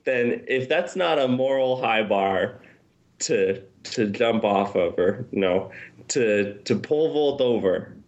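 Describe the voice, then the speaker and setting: Slow-talking man, dull lo-fi sound. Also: medium pitch, lively intonation, a little mellow. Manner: rambling, self-correcting. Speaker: podcast guest. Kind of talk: casual chat.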